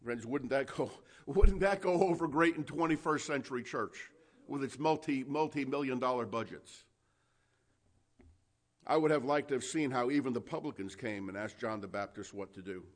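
A male preacher deep in a passionate sermon, climbing from plain talk into loud, urgent exhortation. He speaks at a mid-range man's pitch and stumbles over restarts as he presses his point. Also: moderate pace. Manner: impassioned, builds to loud exhortation, addresses listeners as friends; frequent restarts and fillers.

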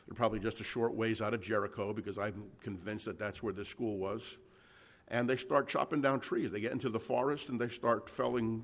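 A man preaching a conversational sermon, reading scripture aloud and explaining it to a live congregation. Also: mid-range voice. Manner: conversational Bible teaching, frequent restarts and "right?" checks.

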